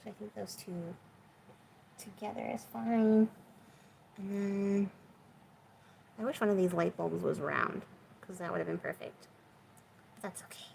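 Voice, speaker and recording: A woman's voice: medium pitch, fairly even intonation, measured pace, creaky, long pauses, a little mellow, a little hiss or hum, poor audio. A woman hosting a crafting video, chatting casually and with self-deprecating humor as she works in her home craft room. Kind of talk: casual crafting chat while working.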